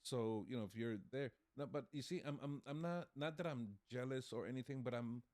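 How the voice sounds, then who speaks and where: A man's voice: medium pitch, a little fast, a little mellow, no echo, clean studio sound. A man co-hosting a casual podcast chat, hesitant and full of restarts, ums and laughter. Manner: laughs while telling stories. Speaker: podcast co-host.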